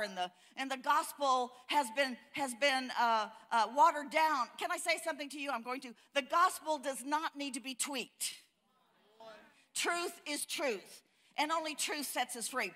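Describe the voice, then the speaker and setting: A woman's voice: high voice, bright, forceful tone. An older woman preaching a sermon at a church conference, folksy and storytelling, building to fiery emphasis. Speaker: conference speaker.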